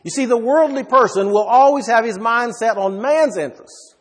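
Speaking at a normal speed, a man preaches an expository sermon in a high, husky voice. He pushes his points hard and throws rhetorical questions at the listeners, and his voice rings with a long reverb like that of a large hall.

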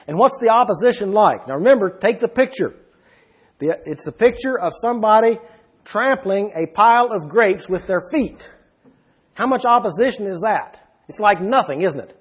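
A man's voice: high voice, animated, normal speed, breathy edge. A man preaching a sermon, reading scripture aloud and then explaining it.

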